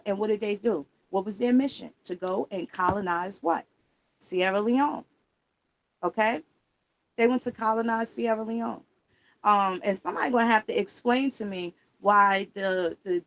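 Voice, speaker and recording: A woman livestreaming in casual talk, emphatic and profane, firing rhetorical questions while she searches records online. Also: fairly high pitch. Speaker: livestream host.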